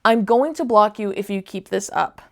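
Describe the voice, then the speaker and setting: A woman's voice: medium pitch, normal speed, creaky. A young woman reading online posts aloud and reacting to them with disgust and laughter in casual commentary.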